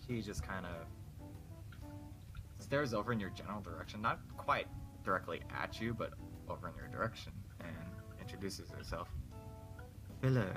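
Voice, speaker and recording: A man's voice: low voice, expressive, normal speed, over music. A man narrating as dungeon master, describing the scene in a loose, casual way. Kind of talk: narrating a tabletop game.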